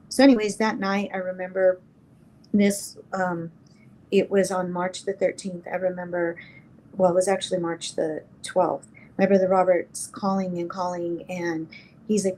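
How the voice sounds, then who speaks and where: A middle-aged woman from New Mexico, a guest in an interview, telling a personal story in a halting, emotional way and acting out the dialogue. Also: on the low side, flat delivery, darkish tone, slight background noise, low-quality recording.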